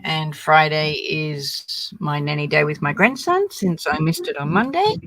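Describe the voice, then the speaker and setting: Brief: older Australian woman, livestream host, slow delivery, bright yet gravelly tone. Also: low-pitched, dry recording, low-quality recording. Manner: relaxed, rambling, lots of fillers. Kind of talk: casual livestream chat.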